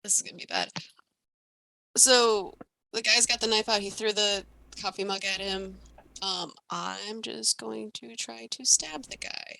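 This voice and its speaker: A woman's voice: mid-range voice, fairly even intonation, unhurried, vocal fry, bright, forceful tone, poor audio. A woman playing a tabletop game, hesitant and wry. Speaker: player. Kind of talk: casual tabletop play.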